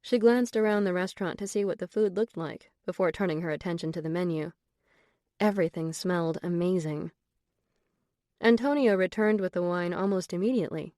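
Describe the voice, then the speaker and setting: A woman narrating an audiobook in a composed, even storytelling manner on a close studio mic. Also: on the low side, a little fast, dry recording. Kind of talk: scripted narration.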